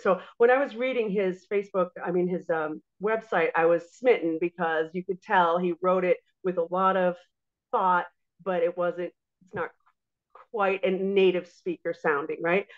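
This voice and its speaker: A woman guest in a casual interview, telling stories in a lively way and acting out what others say. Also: lowish voice. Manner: animated storyteller, acts out quotes. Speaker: guest, music teacher and entrepreneur. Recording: dull lo-fi audio.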